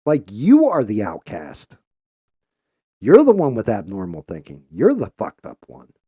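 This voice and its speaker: Brief: male podcast host, blunt and foul-mouthed rant, lively swinging pitch, mellow tone. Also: measured pace, breathy edge, no room sound, clean studio sound. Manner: profane, heated and blunt.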